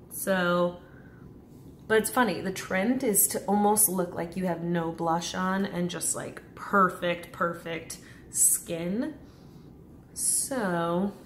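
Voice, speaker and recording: A chatty, playful woman talks through her makeup steps in a relaxed tutorial. Her voice sits at an ordinary middle pitch. The room is echoey, and a steady background noise runs underneath. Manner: chatty and playful, talking through each step. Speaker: beauty vlogger. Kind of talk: casual makeup tutorial chat.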